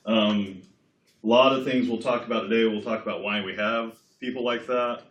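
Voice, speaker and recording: A man's voice: lowish voice, fairly even intonation, moderate pace, fairly bright tone, highs cut off, slight background noise. A man giving a casual classroom lecture, chatty and digressive, often checking in with his students. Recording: echoey classroom.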